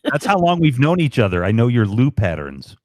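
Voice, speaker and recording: A man on a late-night livestream, rambling and excited, with many ums, tired and up past his bedtime. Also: medium pitch, brisk, dry recording, clean studio sound. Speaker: guest on livestream. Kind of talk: casual chat.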